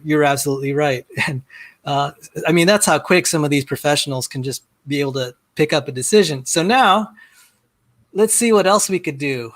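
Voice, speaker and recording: A middle-aged man walking through a software demo on a video call, rambling and self-deprecating, often repeating words as he starts a sentence. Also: fairly high pitch. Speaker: guest. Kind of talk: casual screen-share demo chat.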